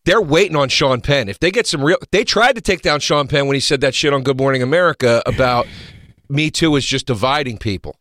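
A man's voice: mid-range voice, a little fast, no room sound. A man co-hosting a comedy podcast, telling blunt, profane stories in casual banter. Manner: blunt, profane, animated storytelling. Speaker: comedian co-host.

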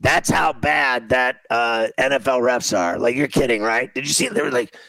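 A gravelly-voiced man hosts a sports talk show and rants about a game he is watching. He is exasperated and repeats himself often. The recording is close and dry. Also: mid-range voice, normal speed, pushed and bright, no echo, rough recording. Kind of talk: casual sports radio chat while watching a game.

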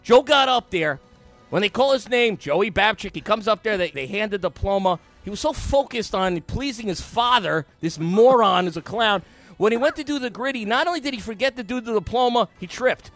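A middle-aged man telling a funny story on a talk show, his fairly high voice leaping up and down as he acts out the scene. He is animated and loud, and he throws himself into every detail. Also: brisk, soft background music. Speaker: radio show co-host.

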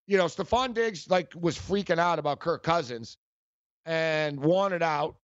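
A man's voice: a little high, a little slow, clean tone, no echo, highs cut off. A man hosting a sports talk show, ranting in a heated, mocking way and often repeating himself.

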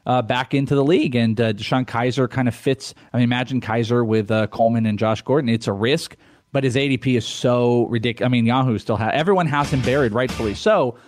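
An upbeat man co-hosts a casual sports radio podcast, joking and trading asides at a mid-range pitch. He sits close to a dry studio mic with almost no room sound. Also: fast, dry recording, faint music behind. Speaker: podcast co-host.

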